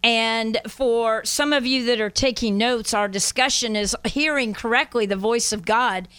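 A woman co-host with a fairly high voice, teaching her listeners in an earnest, emphatic way. The sound is dry and close, with no room around it. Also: unhurried, fairly bright tone, clean tone, dry recording. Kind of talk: Christian teaching talk show.

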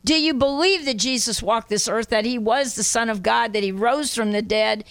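A woman's voice: fairly high pitch, normal speed, fairly bright tone, dry recording. A woman co-hosting a Christian teaching talk show, speaking earnestly and emphatically to listeners. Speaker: co-host.

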